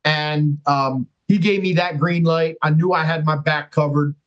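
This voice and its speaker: A man's voice: on the high side, steady tone, a little slow, lo-fi sound. A man talking as a podcast guest, telling his story casually and animatedly, acting out quotes and swearing freely.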